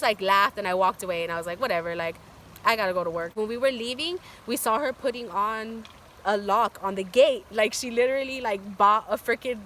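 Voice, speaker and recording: Young woman, storytime vlogger, bright voice, rambling chatty delivery. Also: on the high side, a little hiss or hum. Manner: chatty, filler-heavy with constant "like". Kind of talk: casual storytime.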